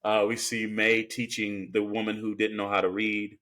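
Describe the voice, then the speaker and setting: A man's voice: lowish voice, little pitch movement, moderate pace, fairly bright tone. A man co-hosting a podcast, recapping a film in a rambling, casual way with lots of fillers. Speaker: podcast co-host. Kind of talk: casual film review chat.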